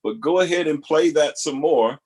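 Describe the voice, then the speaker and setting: A man hosting a talk, pausing video clips to reflect earnestly, repeating key phrases for emphasis. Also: on the high side, darkish tone, breathy edge. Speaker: host reacting to video clips. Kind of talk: reflective spoken commentary.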